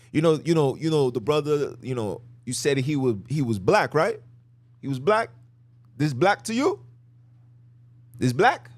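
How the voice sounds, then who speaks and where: A man hosting a podcast, giving emphatic, repetitive religious commentary in casual slang while he talks his listeners through slides. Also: on the high side. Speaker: podcast host.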